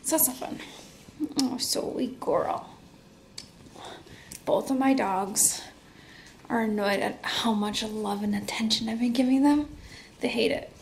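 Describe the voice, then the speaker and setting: A young woman vlogging at home in casual chat, out of breath and talking in a breathy half-whisper. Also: a little high, moderate pace, slight background noise. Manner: rambling, chatty.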